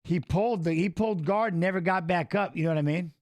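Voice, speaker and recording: A man's voice: sits high, fast. A man giving casual, rambling commentary on a live fight watch-along, chatting with viewers as he watches. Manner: rambling, talks to chat viewers, emotional.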